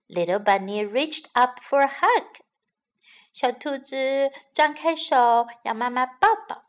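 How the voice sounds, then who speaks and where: A woman reading a bilingual children's bedtime story aloud, slow and soothing. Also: high voice.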